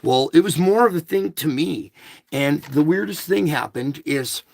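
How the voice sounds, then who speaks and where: A man's voice: fairly high pitch, measured pace, vocal fry, no echo. A man in his fifties talking to his viewers in a rambling, emphatic rant, often checking in with "okay?". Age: 50s. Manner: emphatic, ranting, addresses listeners with "okay?". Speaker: vlogger.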